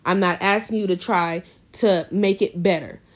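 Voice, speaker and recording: A woman's voice: fairly low pitch, fairly even intonation, moderate pace. A woman co-hosting a podcast, talking earnestly and with emphasis in casual chat. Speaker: podcast co-host.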